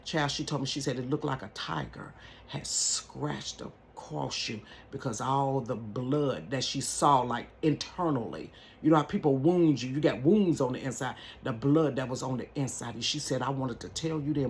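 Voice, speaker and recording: A woman in her bedroom, telling a personal story to camera in an animated, folksy way and calling viewers "y'all" and "honey". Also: a bass voice, moderate pace, slight background noise. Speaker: vlogger. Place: home bedroom. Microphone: camera at close range.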